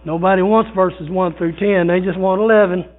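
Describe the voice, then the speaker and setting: A man's voice: high voice, steady tone, moderate pace. A man preaching a sermon as pastor, in a folksy, conversational way with repeated phrases and fillers, recorded in a church. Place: church sanctuary. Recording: thin phone-like sound.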